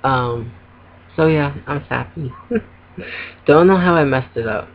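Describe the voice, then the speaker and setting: A man's voice: on the high side, takes it slowly, a little hiss or hum. A man venting casually to camera from home, rambling with lots of ums and little laughs. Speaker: vlogger. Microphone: laptop webcam. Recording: dull lo-fi webcam audio.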